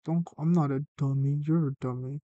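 A young man plays a video game with his girlfriend and chats as they go, teasing and joking with her. His voice sits a little high for a man. The sound is close and dry. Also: fairly even intonation, normal speed, warm tone, no room sound, lo-fi sound. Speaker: streamer's boyfriend. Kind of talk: casual gaming chat.

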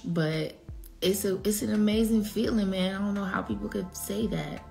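A young woman, teary after crying, talking emotionally in a casual selfie vlog, her voice swinging from whispers to shouts. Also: medium pitch, steady tone, normal speed, vocal fry, faint music behind. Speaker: singer.

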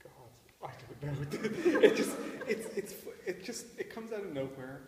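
A man's voice: a little high, wildly swooping pitch, measured pace, a crowd in the background. A man speaking as a student in a class discussion, hesitant and restarting his sentences, with an easy laugh. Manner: hesitant, laughing, stumbles over words. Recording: echoey room with long reverb.

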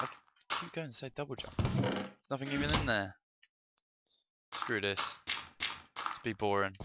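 A man's voice: medium pitch, noisy background. A young man giving jumpy let's-play commentary on a horror map, swearing freely when startled. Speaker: gaming video host.

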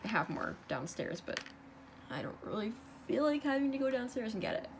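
A woman's voice: a little high, sing-song, fairly quick, creaky, slight background noise. Young woman, craft tutorial host, casual and chatty, self-correcting, recorded at home. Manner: chatty, self-correcting, talks while working. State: out of breath.

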